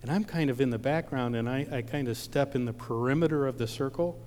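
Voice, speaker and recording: A man's voice: medium pitch, fast talker, a little mellow. A preacher from Ohio telling a personal story in a sermon, acting out the voices of the people in it and often repeating his words. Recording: long reverb of a large hall.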